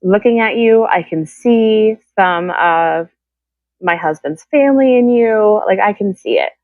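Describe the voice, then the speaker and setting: A guest shares her own story candidly and emotionally, voicing the people she quotes as if acting them out. Her medium-pitched voice moves a little slowly over a dry, tinny, phone-like line.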